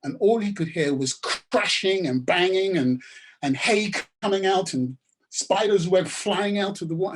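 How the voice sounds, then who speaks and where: A man's voice: high-pitched, moderate pace. A man giving a webinar talk and telling a story in an emphatic, repetitive manner. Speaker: webinar speaker.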